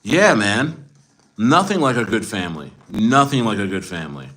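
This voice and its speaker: A man's voice: fairly low pitch, big pitch swings, normal speed, fairly bright tone. Boastful rambling man in his forties. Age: 40s. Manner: boastful, rambling, frequent restarts. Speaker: livestreamer. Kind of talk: livestream chat with viewers.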